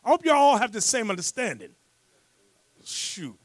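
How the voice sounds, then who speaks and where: A man leading a scripture class as bishop, preaching fiery and loud, breaking into rants and shouts. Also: high-pitched, sing-song, moderate pace. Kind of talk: sermon with rant and teaching.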